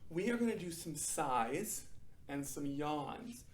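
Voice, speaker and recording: A young adult man teaching children a drama warm-up, upbeat and encouraging, checking in often. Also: fairly high pitch, lively intonation, takes it slowly, roomy sound. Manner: upbeat, encouraging, frequent "okay?" check-ins. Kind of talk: guided acting warm-up for children.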